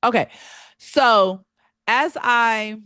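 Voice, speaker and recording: A woman's voice: a little high, extremely slow, clean tone, dry recording, clean studio sound. Chatty Southern woman hosting a podcast. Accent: Southern US (North Carolina). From North Carolina. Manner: animated, chatty, laughs often, heavy use of "like" and "baby". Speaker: podcast host. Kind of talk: casual solo podcast talk. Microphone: podcast mic.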